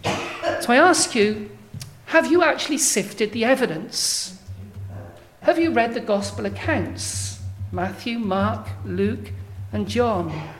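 A woman preaching a sermon in a measured, emphatic way, building to strong declarations. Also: on the high side, a little hiss or hum.

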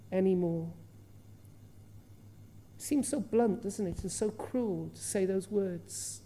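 A woman's voice: mid-range voice, warm tone, slight background noise. A woman preaching an earnest Bible sermon, asking rhetorical questions and acting out the quoted voices with feeling. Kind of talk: expository sermon.

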